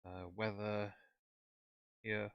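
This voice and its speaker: A man's voice: lowish voice, flat delivery, very slow, creaky, clear, resonant tone, no room sound, highs cut off. A man hosting a livestream, commenting on clips with sarcastic, mocking asides. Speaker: commentary streamer.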